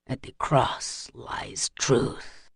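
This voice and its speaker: A man's voice: medium pitch, flat delivery, unhurried, vocal fry, no echo, clean studio sound, voice pushed down. A man voicing a mad male vampire rogue who murmurs riddles in a whispery sing-song. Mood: chanting.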